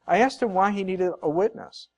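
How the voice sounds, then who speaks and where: A man's voice: sits high, normal speed, darkish tone. A man preaching a sermon as pastor, earnest and conversational, repeating points for emphasis with casual asides.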